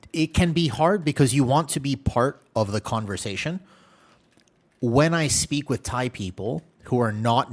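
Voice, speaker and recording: A man livestreaming a game, chatting candidly and telling animated stories with playful exaggeration. He is from the United States. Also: medium pitch. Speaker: game streamer. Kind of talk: casual livestream chat while gaming.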